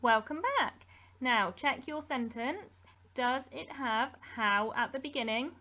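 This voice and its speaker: An English woman, a primary school teacher, giving a recorded grammar lesson to young children in a slow, clear, patient way. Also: sits high, sharp tone. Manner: slow, clear, patient explaining with drawn-out example words.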